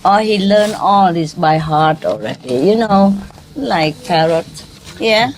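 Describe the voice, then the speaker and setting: Slow-talking woman teacher, laughing. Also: lowish voice, animated, slight background noise. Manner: chuckling often, quizzing listeners, in loose conversational English. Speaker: spiritual teacher. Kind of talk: informal teaching talk to an audience.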